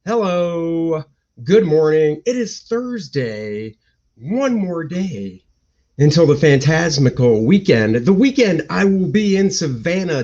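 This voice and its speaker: Chatty male stream host with a slightly high voice, over dull lo-fi audio. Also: big pitch swings, unhurried, darkish tone. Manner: chatty, greets and reads viewer comments aloud. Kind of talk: casual live-stream chat.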